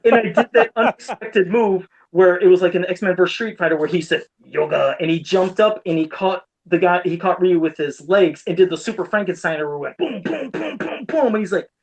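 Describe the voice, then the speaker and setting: High-voiced animated podcast host man. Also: a little fast, few pauses, lo-fi sound. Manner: animated storyteller, laughs often. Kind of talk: casual podcast chat.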